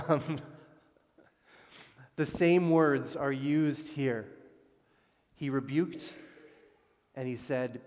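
Animated preacher man in a reverberant hall. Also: medium pitch. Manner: animated, swings from loud emphasis to hushed calm. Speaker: pastor. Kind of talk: sermon.

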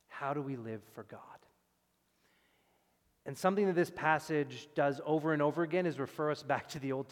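A man preaching a sermon as pastor, with emphatic loud stresses that drop to quiet, low passages. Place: church sanctuary. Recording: long reverb of a church hall.

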